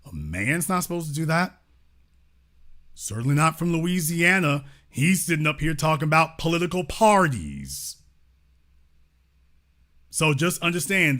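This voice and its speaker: A man's voice: on the high side, pushed and bright. Combative young man hosting a call-in show. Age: young adult. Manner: combative, repeats phrases, slangy. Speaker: host of a live call-in show. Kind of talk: heated commentary and call-in.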